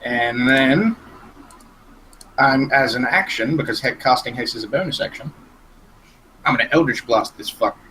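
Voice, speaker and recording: A man playing a tabletop game, lively and casually swearing. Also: medium pitch, normal speed, pauses often, a little hiss or hum, low-quality recording. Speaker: player.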